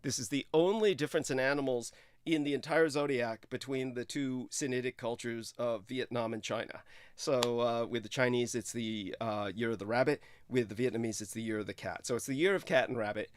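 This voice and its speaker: A man in his thirties hosting a casual livestream, effusive and full of hesitant fillers, with sudden high exclamations. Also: a little fast. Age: 30s. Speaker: show host.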